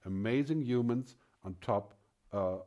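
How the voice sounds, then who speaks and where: A man's voice: medium pitch, measured pace, mellow, lo-fi sound. A man giving a conference keynote speech, speaking emphatically with rhetorical questions and frequent tags of "right?".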